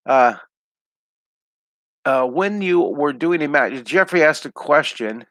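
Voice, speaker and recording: A man's voice: medium pitch, expressive, normal speed, a bit bright, no echo. Upbeat middle-aged man teaching drawing. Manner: upbeat, chatty, talks through each pencil stroke. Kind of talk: live online drawing lesson. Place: at home.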